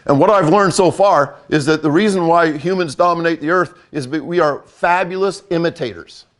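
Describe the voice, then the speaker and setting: A man's voice: on the high side, moderate pace. An older man and football coach giving a blunt, emphatic talk, repeating key points for effect.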